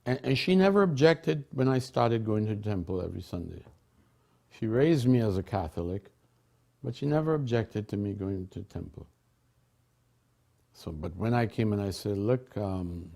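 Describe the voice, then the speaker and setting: An older man from a Caribbean island telling personal memories in a relaxed, chatty way, laughing often and restarting his sentences. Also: lowish voice, vocal fry. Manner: warm storytelling with frequent laughs and restarts. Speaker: devotee sharing memories. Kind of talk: casual reminiscence.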